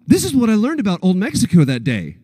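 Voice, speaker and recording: Fast-talking with a breathy edge, a panel guest in his thirties from Texas tells a story on stage at a convention panel, animatedly acting out quotes with big pitch jumps. He's in a large hall, yet the sound is clean studio audio with no room sound.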